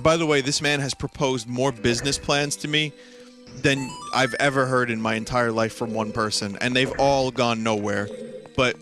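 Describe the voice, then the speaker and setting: A male streamer with a mid-range, sharp-toned voice tells a long, rambling story while gaming, packed with fillers and laughter. Faint game music plays behind him.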